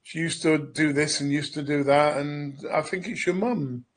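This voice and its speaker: A man's voice: on the high side, normal speed. A man with a British accent hosting a radio talk, speaking in a loose, rambling conversational way. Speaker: radio host. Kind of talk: casual conversation.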